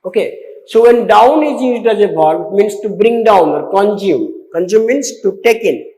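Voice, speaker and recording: A man teaching an English exam-prep lesson, explaining slowly with many repeats and fillers and spelling out words letter by letter. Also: high voice, lively intonation, mellow. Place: classroom. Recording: echoey room with long reverb.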